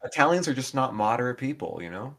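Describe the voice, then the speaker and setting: A man's voice: mid-range voice, animated, fast talker, a bit bright. A young man co-hosting a podcast, sarcastic and swearing in casual mock rants. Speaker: podcast co-host. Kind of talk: casual review chat.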